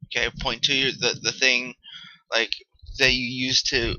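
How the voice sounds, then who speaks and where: Man teaching with a bright, sharp voice. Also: medium pitch, level tone, unhurried, no room sound, highs cut off. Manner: casual, joking, checks in with "okay?" often. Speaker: Spanish teacher. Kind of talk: recorded classroom vocabulary lesson.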